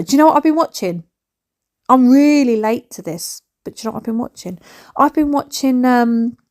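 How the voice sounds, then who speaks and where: A woman, vlogging chattily and excitably from a bedroom at home while she tidies up. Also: a little high. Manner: excitable, rambling, chats while tidying.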